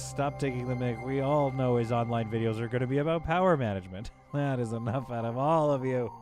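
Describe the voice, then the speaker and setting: A man casually chatting on a live game stream, reading out viewer messages and laughing often. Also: medium pitch. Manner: chatty, reads chat aloud, laughs often. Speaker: livestream gamer host.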